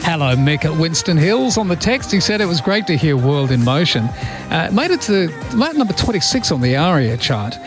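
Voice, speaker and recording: A man's voice: fairly high pitch, sing-song, moderate pace, music in the background. An Australian man hosting early-morning radio, chatting with a self-mocking humour and reading out listener texts and news headlines. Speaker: radio host.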